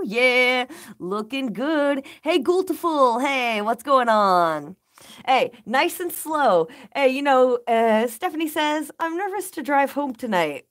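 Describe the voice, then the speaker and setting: A woman hosting a casual game live stream, upbeat and easygoing, greeting viewers by name and chatting between moves. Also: high-pitched. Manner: laid-back slang like "rock on" and "baby".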